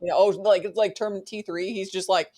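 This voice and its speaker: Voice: mid-range voice, fairly even intonation, fairly quick, mellow. A panelist on a movie podcast chatting loosely, with many "like" and "you know" fillers. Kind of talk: casual movie podcast chat.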